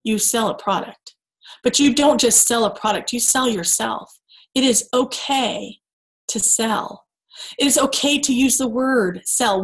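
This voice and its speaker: A woman in her thirties giving an earnest, preachy motivational talk to her sales team, full of emphatic rhetorical questions. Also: on the high side. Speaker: team call speaker.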